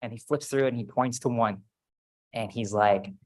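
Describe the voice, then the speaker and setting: Standing at the podium of a large auditorium, a faculty member gives a ceremony speech in a relaxed, conversational style, telling stories and poking fun at himself. His voice is medium-pitched and moderately paced, captured on a podium microphone with poor audio quality.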